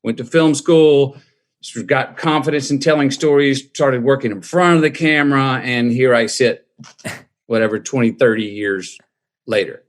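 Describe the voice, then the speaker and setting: A middle-aged man, a guest in an interview, telling his story in a reflective, drawn-out way. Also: medium pitch, fairly even intonation.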